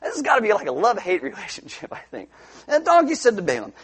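Animated high-voiced man preaching. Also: fast, slightly rough. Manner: animated storytelling, acting out characters with funny voices. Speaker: pastor. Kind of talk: sermon.

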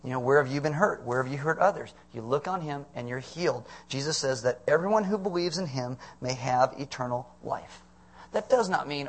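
A man's voice: a little high, animated, normal speed, husky. A middle-aged man preaching a conversational sermon as pastor, asking the congregation questions.

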